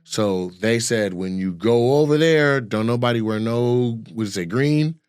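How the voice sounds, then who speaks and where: A man co-hosting a casual chat, telling animated stories and acting out the voices of the people in them. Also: mid-range voice, measured pace, clear, resonant tone, no room sound, clean studio sound.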